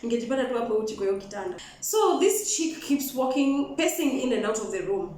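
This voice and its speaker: A young woman with a Kenyan accent telling a personal story in an animated, frank way, switching between English and Swahili. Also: on the high side, fast talker, a little hiss or hum. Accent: Kenyan, mixing Swahili and Sheng. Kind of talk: storytime vlog. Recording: echoey room, mic at a distance.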